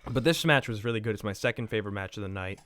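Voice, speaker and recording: A man co-hosting a casual wrestling chat, excitable and swearing freely, often laughing. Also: on the low side, racing, no room sound. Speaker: podcast co-host.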